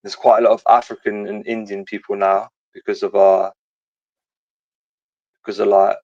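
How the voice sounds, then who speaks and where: Young guy calling in, low voice, rambling slangy chat, swears a lot, dull dry line. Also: level tone, normal speed, mellow, no echo. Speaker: caller. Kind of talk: casual phone-in chat.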